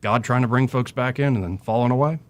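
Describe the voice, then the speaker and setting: A man's voice: medium pitch, fast talker. Impassioned preacherly man on talk radio. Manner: preacherly, quoting scripture, voice rising and falling.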